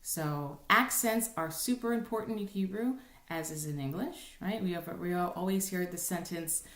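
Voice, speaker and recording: A woman's voice: lowish voice, normal speed, a bit bright, echoey room. A woman cantor explaining how to chant Torah in a casual lesson, with many ums and rhetorical "right?". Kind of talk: informal recorded lesson with sung examples.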